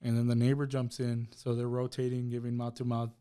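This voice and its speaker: Warm and clean in tone, this man's mid-range voice is monotone and runs a little fast. He's a podcast guest sharing a personal story of loss with emotion, dramatizing what every person said.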